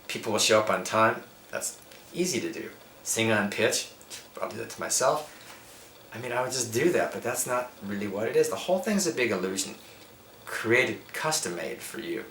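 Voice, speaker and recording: Middle-aged male yoga teacher, forceful and preachy, low-ish voice, echoey room. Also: animated, normal speed. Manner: emphatic, preachy, lists points. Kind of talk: spiritual interview talk. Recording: echoey room with faint background noise.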